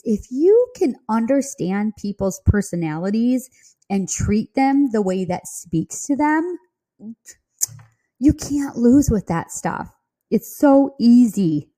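A woman hosts a real estate podcast and tells her story in casual, chatty asides, giggling often along the way. Her voice is mellow and warm and sits at a middle pitch.

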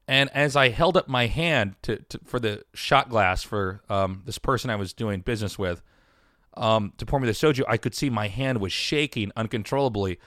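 A man's voice: medium pitch, fairly bright tone, dry recording, studio quality. A man telling a long personal story in casual chat, rambling with restarts and swearing.

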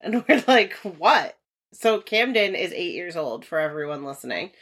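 A woman's voice: on the low side, sing-song, moderate pace, a bit bright. Woman in her 30s on a podcast, chatty, laughs a lot, acts out quotes. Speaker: podcast co-host. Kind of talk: casual podcast chat.

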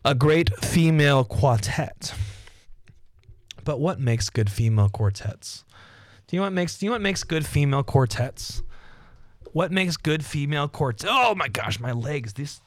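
A man's voice: fairly high pitch, animated, normal speed, long pauses, no echo. Rambling, jokey young man podcasting. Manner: rambling and jokey, loses his thread; self-mocking. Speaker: podcast host. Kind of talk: solo casual podcast monologue. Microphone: desk microphone.

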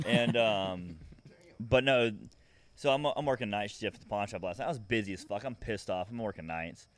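A man's voice: on the low side, brisk. A man co-hosting a podcast, telling a story in casual chat and swearing freely as he goes. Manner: swears a lot, lively, laughs into his story. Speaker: podcast co-host.

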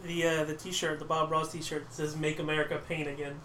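A man's voice: a little high, little pitch movement, fairly quick, pushed and bright. A man co-hosting a casual podcast, playful and jokey as he chats. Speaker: podcast co-host. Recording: roomy room with faint background noise.

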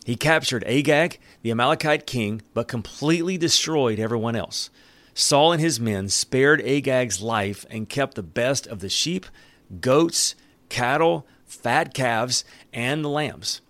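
A man's voice: mid-range voice, a bit bright, dry recording. Man, preacher, sermon with scripture reading, earnest, emphatic, dry sound. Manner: earnest, emphatic, with dramatic pauses. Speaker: pastor.

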